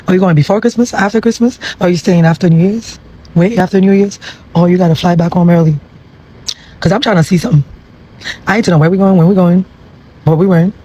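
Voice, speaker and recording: A man talking excitedly to camera in a casual selfie video, urging his viewers again and again to join him. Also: high-pitched, slight background noise, rough recording. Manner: excited, urging, repetitive hype. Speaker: vlogger.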